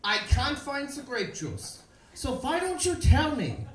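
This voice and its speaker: A comedian voicing a young roommate who questions like an interrogator. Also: male voice, extremely high pitch, huge pitch swings, unhurried, fairly bright tone, distant mic, a little hiss or hum, pitched above the performer's own voice, heavily acted. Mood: demanding. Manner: stern, interrogating. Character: young German male roommate, blunt and interrogating. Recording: echoey live club room.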